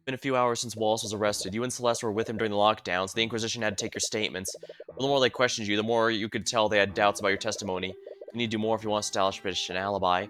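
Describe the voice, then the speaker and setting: A man's voice: lowish voice, fairly even intonation, racing, a bit bright, soft background music. A man streaming himself reading a visual novel aloud, narrating and reacting casually between lines.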